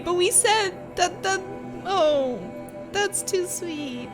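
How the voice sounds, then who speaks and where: A woman with a very high, animated voice at normal speed is streaming live, reading chat and chatting casually with viewers. She giggles a lot between lines and gushes her thanks, and music is playing.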